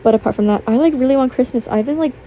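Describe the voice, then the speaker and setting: A young woman in her teens chatting casually, rambling with lots of fillers and a self-conscious, apologetic manner; her voice sounds a little rough. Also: high voice, racing, mellow, slight background noise. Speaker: YouTuber. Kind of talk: casual chat over gameplay.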